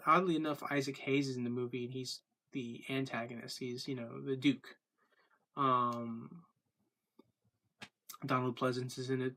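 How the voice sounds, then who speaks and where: Vlogger man recapping his day; flat, even-toned, loose and rambling with fillers. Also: medium pitch. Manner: rambling, many fillers and restarts. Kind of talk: casual daily video diary.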